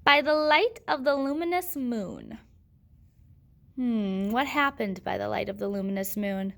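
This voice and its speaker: A woman's voice: a little high, expressive, unhurried, vocal fry, a bit bright. A woman teaching a grammar lesson, patiently asking questions and answering them herself.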